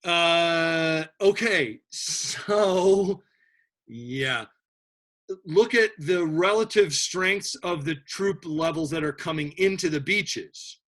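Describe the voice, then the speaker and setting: Speaking with a bright, fairly high male voice, an animated teacher covers history in an informal classroom manner. He keeps breaking off to restart sentences and tosses in jokes. Fast asides keep his students engaged.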